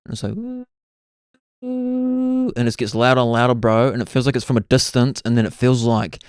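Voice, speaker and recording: A New Zealand man hosts his own podcast, rambling casually through solo stories packed with "like" and "bro." He talks fast in a medium-pitched, level voice, with a clean tone and a dry, studio-quality recording.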